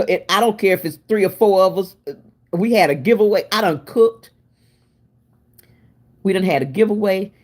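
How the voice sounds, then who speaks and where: A woman hosting a casual cooking livestream, chatty and expressive, laughing and answering her viewers while she cooks in her home kitchen. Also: lowish voice. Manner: chatty and expressive, laughing and talking back to chat. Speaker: livestream host.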